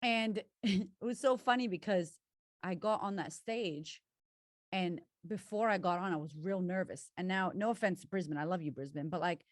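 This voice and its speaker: A woman's voice: on the low side, moderate pace, dry recording, studio quality. A woman guest talking candidly and expressively, swearing freely as she tells her story. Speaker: guest, confidence coach. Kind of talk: candid casual conversation.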